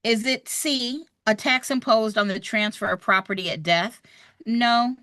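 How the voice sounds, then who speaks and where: Bright chatty woman teaching. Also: a little high, a little slow, no echo, clean studio sound. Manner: chatty, animated, talks straight to viewers. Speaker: real estate exam instructor. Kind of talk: live online exam review.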